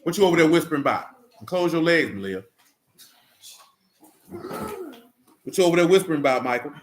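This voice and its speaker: A man's voice: a little high, huge pitch swings, moderate pace, a little hiss or hum. A man leading an interactive Bible study in a classroom, speaking in with a conversational, call-and-response manner and teasing asides. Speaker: Bible teacher. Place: classroom with a group.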